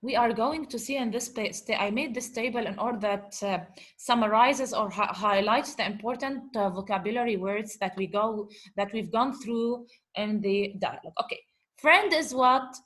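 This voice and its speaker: A woman's voice: on the high side, normal speed, a bit bright. A woman teaching Arabic vocabulary to English speakers. She asks questions, answers them herself, repeats points, and calls her class guys. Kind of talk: explaining vocabulary from a lesson dialogue.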